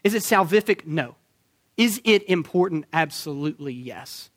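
A male preacher with a notably high-pitched voice delivers a sermon. He is emphatic, stacks rhetorical questions and slows down to drive home his points. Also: lively intonation.

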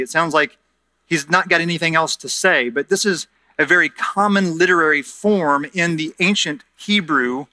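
A man's voice: on the high side, bright, forceful tone, dry recording. A man pastor preaching a sermon, reading scripture aloud and then explaining it earnestly, sometimes repeating words as he goes.

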